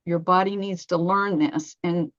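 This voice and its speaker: A woman's voice: lowish voice, fairly even intonation, a little slow, no echo, highs cut off. A woman in her fifties, a massage therapist, talking in a podcast interview, telling stories and acting out her own inner dialogue.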